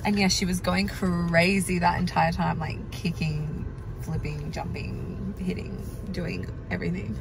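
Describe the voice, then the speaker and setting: A woman's voice: on the low side, fairly even intonation, unhurried, gravelly, noisy background. A young woman chatting casually and giggling as she vlogs on her phone. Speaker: vlogger. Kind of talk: casual vlog chat. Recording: music playing underneath.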